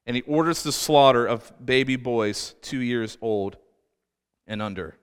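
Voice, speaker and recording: A man's voice: medium pitch, a little slow, smooth. A man preaching a sermon as pastor, telling the story in a conversational way with asides. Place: church. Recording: reverberant church hall with faint music.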